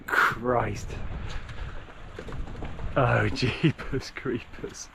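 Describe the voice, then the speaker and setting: A man's voice: medium pitch, wildly swooping pitch, extremely slow, creaky, background noise. A British man vlogging as he backpacks alone, chatty and full of exclamations, talking now and then to his dog. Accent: British English. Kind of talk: casual outdoor vlog narration. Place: outdoors on open hillside.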